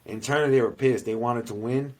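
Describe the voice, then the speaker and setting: A man's voice: medium pitch, fairly even intonation, fast talker, a little mellow, poor audio. A man co-hosting a podcast in casual chat, talking loosely with slang and swearing freely. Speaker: podcast co-host and youth coach.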